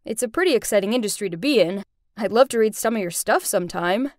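Girl putting on a chill friendly young director guy, bit lower voice, dry sound. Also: animated, fast, dry recording, close to an everyday voice. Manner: easygoing, friendly, laughing.

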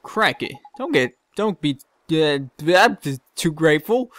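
A man's voice: fairly high pitch, takes it slowly. A man giving casual, sarcastic commentary while playing a video game, swearing often. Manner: animated, sarcastic, swears a lot. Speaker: let's play gamer.

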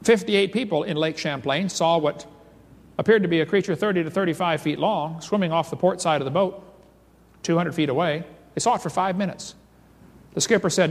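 A man's voice: on the high side, fairly quick, creaky. Storytelling man in an echoing hall. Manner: animated storyteller reading accounts aloud. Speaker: creationist seminar speaker. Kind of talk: storytelling seminar lecture. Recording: reverberant lecture hall.

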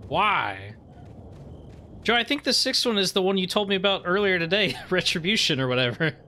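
Animated, bright-voiced young male streamer. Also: sits high, moderate pace, slight background noise. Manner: animated, swears freely, rants with rising excitement. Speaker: streamer playing a video game. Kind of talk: casual let's-play commentary.

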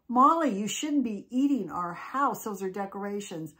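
A woman voicing a pair of kindly witch sisters who scold gently. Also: medium pitch, expressive, normal speed.

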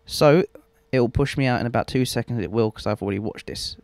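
A man's voice: medium pitch, fast, creaky, a little mellow, no echo. Rambling young man, dry close mic. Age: young adult. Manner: rambling, self-mocking, swears freely. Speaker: let's play host. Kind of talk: casual gameplay commentary.

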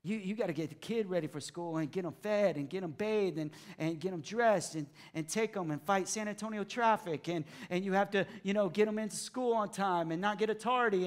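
A male pastor preaching a sermon, acting out the voices of doubters, then dropping to hushed emphasis. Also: high voice, brisk, hardly any pauses.

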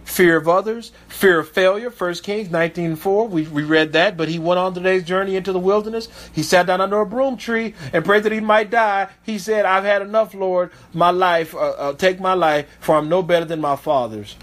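A man's voice: sits high, steady tone, moderate pace, few pauses, fairly bright tone. A man preaching as a pastor, reading Bible verses aloud and breaking off to comment with emphatic asides. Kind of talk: sermon with scripture reading.

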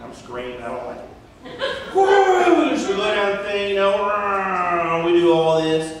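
A man's voice: high-pitched, moderate pace, a bit bright. A man in his thirties, a senior pastor telling a comic story in a sermon, joking at his own expense with playful exaggeration. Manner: self-deprecating humor, playful exaggeration. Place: large church sanctuary. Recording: echoey church hall, distant mic, noise.

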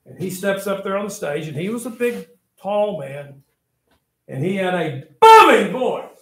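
A man teaching a history class, telling the story with lively asides and reminders to take notes. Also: high voice, measured pace. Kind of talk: classroom lecture. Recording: echoey classroom.

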